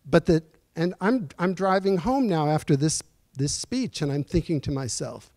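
Man in his sixties, fairly high voice, earnest reflective storyteller, halting pauses, dry close sound. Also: darkish tone, dry recording. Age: 60s. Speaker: guest speaker at a lecture series. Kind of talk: personal storytelling lecture. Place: university auditorium.

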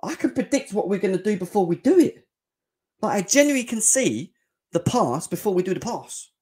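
A young man hosting a live fan reaction show, excitable and slangy, often shouting and joking. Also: high-pitched, fairly quick. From England. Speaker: fan channel host.

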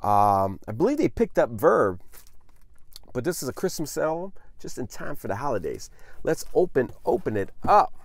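A man's voice: mid-range voice, sing-song, moderate pace. A man hosting a casual unboxing vlog, effusive and enthusiastic, who keeps saying "man" as he shows off a new record. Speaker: vinyl unboxing vlogger.

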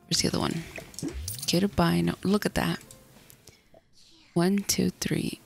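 Chatty young woman with a gravelly edge. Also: fairly low pitch, little pitch movement, unhurried, pauses often, faint music behind. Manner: chatty, talks to the game characters, drops into whispered asides. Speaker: gaming channel host. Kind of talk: casual gameplay commentary.

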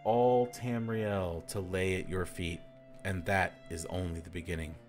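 A man's voice: sits low, fairly even intonation, unhurried, a little mellow, soft background music. A man reading the part of a scheming male emperor, coaxing and mocking.

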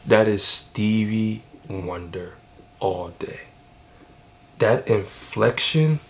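A man giving excited, emphatic casual commentary while reacting to a song. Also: fairly low pitch, very slow, over music. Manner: excited, emphatic, repeats himself. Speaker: music reaction vlogger.

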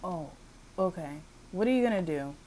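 A woman's voice: lowish voice, lively intonation, moderate pace, warm tone, a little hiss or hum, low-quality recording. A woman giving casual gameplay commentary, blunt and exasperated, swearing freely as she reacts. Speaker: gaming video creator.

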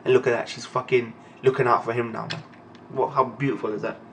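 A young man with a gravelly, fry-edged voice, reacting emotionally as he reads manga live. He swears freely and keeps tagging "man" onto his phrases. A faint hiss of background noise sits under him. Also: mid-range voice, flat delivery, fast. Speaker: anime and manga reaction host. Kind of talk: live reading reaction commentary.

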